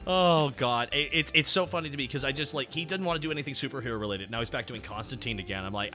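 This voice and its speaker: A man hosting a casual stream chat, talking excitably and swearing freely. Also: medium pitch, quick pace, hardly any pauses, faint music behind. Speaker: streamer host.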